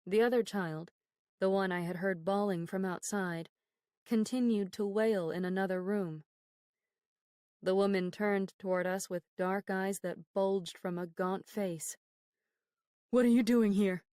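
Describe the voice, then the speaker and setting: A woman reading a horror novel aloud as an audiobook narrator, in a measured, grave storytelling manner, recorded on a close studio mic. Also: medium pitch, steady tone, a little mellow, clear, resonant tone, no echo. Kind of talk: scripted narration.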